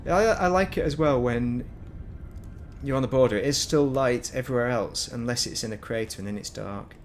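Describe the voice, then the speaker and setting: A man's voice: medium pitch, normal speed, slight background noise. A man with a Northern English accent, chatting casually while commentating his gameplay stream and wandering into rambling, self-mocking asides. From Northern England. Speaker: gaming streamer.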